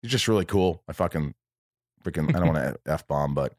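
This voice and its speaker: Deep-voiced American man rambling. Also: normal speed, darkish tone, no room sound, studio quality. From United States. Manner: rambling, with many fillers and restarts. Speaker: podcast host. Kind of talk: casual podcast chat. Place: room at his home.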